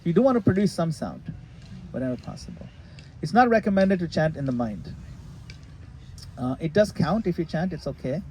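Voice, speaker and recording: A man leading a retreat session, explaining a practice in a relaxed, casual way and sometimes laughing at his own jokes. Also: fairly high pitch, normal speed, low-quality recording. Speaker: retreat leader answering questions. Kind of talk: casual teaching in a group session. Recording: faint background noise.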